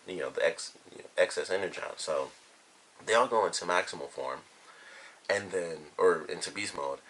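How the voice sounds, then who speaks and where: A man with a deep, somewhat husky voice talks through a cartoon episode in a relaxed, unscripted review. He retells scenes loosely, circling back on himself and leaning on fillers as he goes. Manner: rambling, filler-heavy retelling. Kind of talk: casual spoken review.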